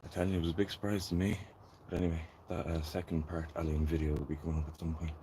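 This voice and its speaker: A man's voice: rumbling low, flat delivery, quick pace, mellow, slight background noise, poor audio. A man with a Dublin accent hosting a gardening live stream, chatting and rambling to his viewers while he sows seeds. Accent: Dublin Irish. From Ireland. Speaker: gardening channel host. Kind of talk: casual live-stream chat.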